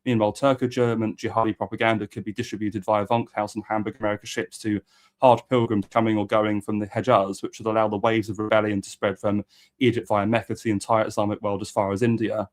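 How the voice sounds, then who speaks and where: A man's voice: on the low side, level tone, fast talker. A man reading a history book aloud as host and adding occasional asides.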